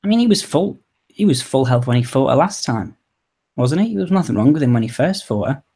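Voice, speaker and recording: A man's voice: medium pitch, animated, fairly quick, mellow, breathy edge. A man hosting a casual chat, talking in an easygoing, conversational way. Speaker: host.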